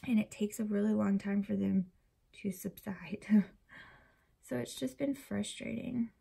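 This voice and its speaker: A young woman vlogger rambles casually as she decorates a planner, sounding tired and uncomfortable and often dropping to a near whisper. Her mid-range voice is unhurried, warm, gravelly and slightly rough.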